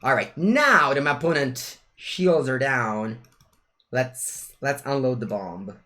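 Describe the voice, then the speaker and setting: Speaking slowly in a mid-range voice, a young Italian man chats with viewers while he streams a card game. He's lively and talkative, with an Italian accent, and mixes Italian phrases into his English.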